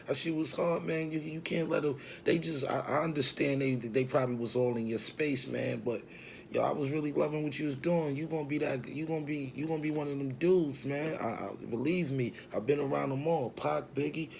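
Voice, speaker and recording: A man voicing a female radio host who gently checks on and encourages a young rapper. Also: fairly high pitch, fairly even intonation, fairly quick, creaky, slight background noise, pitched above the performer's own voice. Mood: encouraging. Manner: soft, reassuring.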